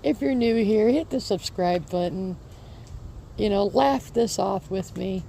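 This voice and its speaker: A woman's voice: mid-range voice, a little slow, gravelly, warm tone, a little hiss or hum. A woman chatting casually in her vlog, rambling and repeating her reassurances, recorded outdoors in a garden. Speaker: homesteading vlogger.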